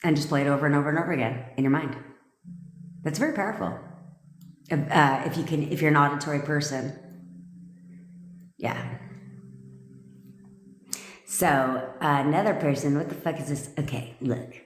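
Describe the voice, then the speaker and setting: A woman's voice: deep voice, moderate pace, pauses often, slight background noise. Blunt, swearing woman coach in echoey room. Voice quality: blunt, profane, emphatic. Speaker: manifestation coach. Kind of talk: live-stream coaching talk. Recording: echoey room with long reverb.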